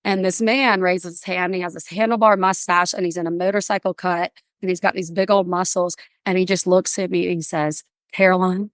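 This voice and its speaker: A woman guest on a podcast, bubbly and animated, telling stories and acting out little voices in casual interview chat. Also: lowish voice, brisk, hardly any pauses, no room sound, clean studio sound. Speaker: podcast guest, workplace wellbeing speaker.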